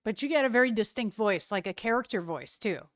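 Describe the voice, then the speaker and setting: A woman streamer chatting casually with her viewers, relaxed and quick to laugh. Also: a little high, no echo.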